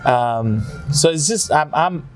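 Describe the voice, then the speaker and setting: A slightly high-voiced man tells a story in an interview, slipping Spanish phrases into his English. He acts out the people he quotes in lively raised voices. Music plays clearly behind him in a restaurant. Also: takes it slowly. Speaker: mariachi singer, podcast guest.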